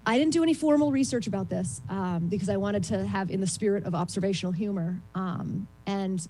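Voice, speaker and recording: A woman doing a rambling, self-deprecating stand-up set over a video call, with a voice she calls shrill and lots of ums. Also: fairly quick, warm tone, slight background noise, rough recording. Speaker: stand-up comedian.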